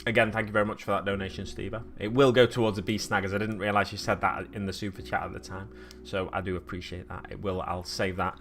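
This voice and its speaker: A man's voice: fairly low pitch, level tone, fast talker, few pauses, a bit bright. A man with a Manchester-area Stockport accent chatting casually on a live stream while he paints, reading chat messages aloud and answering them. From Manchester area, England. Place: home painting setup.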